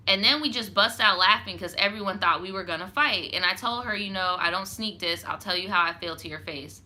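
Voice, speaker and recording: Talking a little fast with hardly any pauses, a young storytime host reads a viewer's story in a bright, forceful mid-range voice. She cuts in with sassy, blunt, profane comments crammed with "like."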